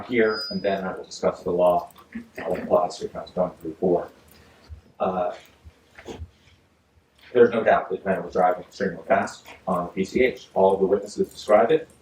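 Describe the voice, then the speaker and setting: Deep-voiced judge in an echoey courtroom. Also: male voice, a little mellow, far from the mic. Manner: measured, formal legal delivery with frequent uhs. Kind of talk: reading a ruling from the bench. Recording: echoey courtroom audio from afar, faint hiss.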